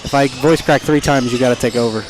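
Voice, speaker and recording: Excitable male play-by-play announcer. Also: medium pitch, music in the background. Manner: excitable, jokey, quickens on big plays. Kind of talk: live basketball commentary. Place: high school gym.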